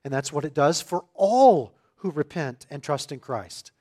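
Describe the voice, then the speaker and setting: A man preaching an expository sermon, reading scripture and growing emphatic and louder on key phrases. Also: on the high side, expressive, measured pace.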